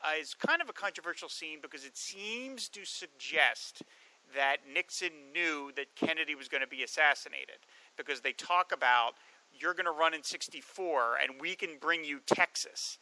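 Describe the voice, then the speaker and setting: Bright-voiced man telling a film story. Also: fairly high pitch, normal speed, rough recording. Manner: animated storyteller, acts out quoted lines. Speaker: podcast co-host. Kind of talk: casual film discussion.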